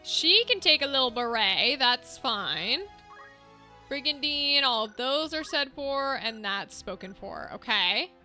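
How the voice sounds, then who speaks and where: A woman streaming a game, chatting casually and thinking out loud as she sorts out gear. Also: high voice, lively intonation, slow. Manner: chatty, thinks aloud, easily amused. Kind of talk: casual gameplay chat. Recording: game music underneath.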